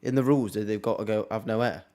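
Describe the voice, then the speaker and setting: A young man, casually commentating on a football match live for his stream, with wry asides and quick reactions. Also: on the low side, fairly even intonation, a little mellow. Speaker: watchalong streamer.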